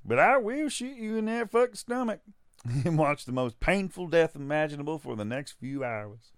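A man voicing a loud, menacing backwoods thug in a twangy, drawling voice. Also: mid-range voice, takes it slowly, smooth, dry recording, studio quality, close to an everyday voice. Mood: threatening.

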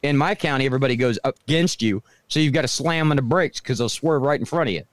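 A man's voice: mid-range voice, fast, no room sound, clean studio sound. A man co-hosting a podcast, talking in blunt, profane, joking banter. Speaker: podcast co-host. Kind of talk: casual banter.

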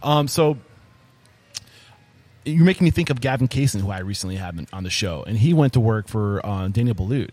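Fast-talking podcast host man. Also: fairly low pitch, animated, darkish tone, no room sound. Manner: rambling, filler-heavy, enthusiastic follow-ups. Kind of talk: casual interview chat.

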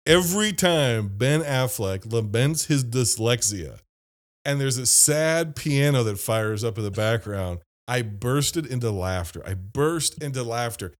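A man's voice: medium pitch, lively intonation, a little slow. A man from Ohio hosting a casual movie-review podcast, laughing often and mimicking lines from films. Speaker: podcast host.

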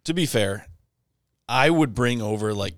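A man's voice: mid-range voice, lively intonation, measured pace, dry recording. A man co-hosting a podcast, telling stories among friends in a laughing, profane manner. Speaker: podcast co-host. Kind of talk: casual banter.

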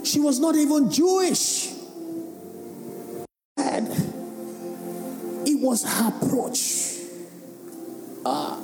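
A man, a pastor giving an animated sermon and firing questions at the congregation. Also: very high-pitched, drawn-out words, long pauses. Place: large worship hall. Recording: echoey hall with faint music.

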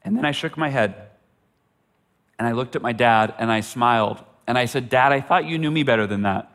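A man's voice: mid-range voice, a little fast, a bit bright. A middle-aged man telling a personal story as a motivational speaker, earnest and often repeating words for emphasis. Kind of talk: storytelling talk.

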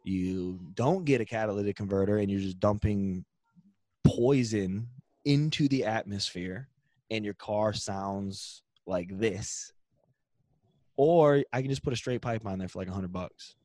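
A man's voice: fairly low pitch, unhurried, dark tone, no room sound. A young man co-hosting a podcast, telling a long road-trip story in casual, profane chat and acting out the people in it. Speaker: podcast co-host.

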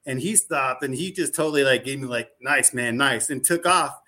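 A man as a podcast guest, rambling through animated anecdotes full of "like" and acted-out quoted dialogue. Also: mid-range voice, brisk. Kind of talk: casual storytelling chat.

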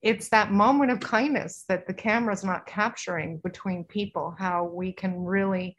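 A woman's voice: mid-range voice, fairly even intonation, moderate pace. A woman guest on a podcast, chatting casually in an earnest, rambling way about spiritual matters. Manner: rambling, earnest, soft-spoken spiritual talk. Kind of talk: casual interview chat.

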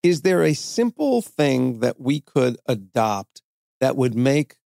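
A man's voice: mid-range voice, very animated, takes it slowly, vocal fry, warm tone, no echo, clean studio sound. A man co-hosting a podcast, wry and teasing, asking the guest questions. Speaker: podcast co-host. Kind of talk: casual chat.

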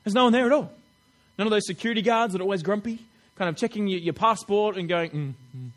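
A man preaching a sermon in a chatty, animated way, acting out little quotes with laughs. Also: sits high, quick pace.

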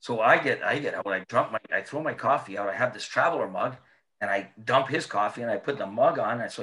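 A man, a former player, being interviewed and telling animated, laughing anecdotes in a casual way. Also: medium pitch, quick pace. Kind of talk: casual storytelling.

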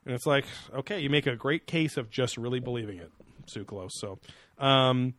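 Sarcastic podcast co-host, male, middle-pitched, dry close sound, loose and profane. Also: expressive, normal speed, fairly bright tone, no echo. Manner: sarcastic and profane, with many fillers. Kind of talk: casual chat reviewing a TV show.

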